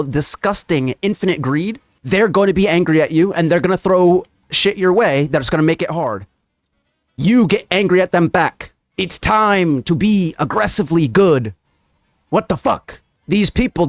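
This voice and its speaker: A man's voice: high-pitched, dry recording, studio quality. A man giving a heated, profane reaction commentary on political clips, ranting in a casual way.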